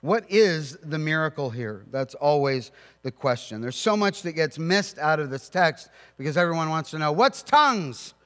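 A male pastor with a high voice delivers an earnest sermon, breaking into storytelling asides. His voice rings out with a long reverb, as in a large hall. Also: expressive, normal speed.

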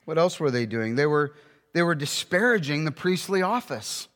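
A man preaching a sermon, emphatic, with rhetorical questions and slowing down to read scripture. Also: a little high, animated, fairly bright tone, in a large hall.

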